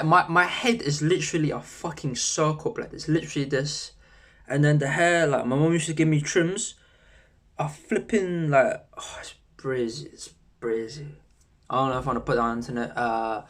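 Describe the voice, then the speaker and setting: A young man, rambling casually in a self-improvement vlog, full of slang and swearing. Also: mid-range voice. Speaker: YouTuber.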